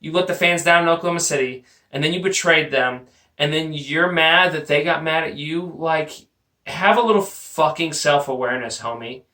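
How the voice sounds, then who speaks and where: A man's voice: fairly high pitch, normal speed, bright, forceful tone. A man from Texas, hosting a sports podcast and ranting bluntly and profanely, mocking the people he talks about. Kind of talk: opinionated sports rant. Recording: roomy, distant home mic.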